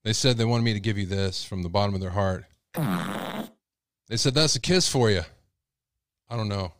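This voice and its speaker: A man's voice: fairly low pitch, fairly even intonation, brisk, clear, resonant tone, no echo, studio quality. A male host telling a rambling, folksy story in a casual monologue. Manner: rambling, folksy, many fillers.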